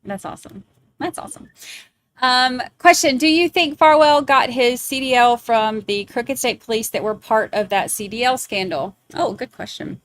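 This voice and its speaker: A woman hosts a live stream in casual chat. She talks fast and in halting bursts, restarting her sentences often. Her voice is fairly high, and the recording is dry and close. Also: fairly bright tone, no echo. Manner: quick, halting speech with many restarts. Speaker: host.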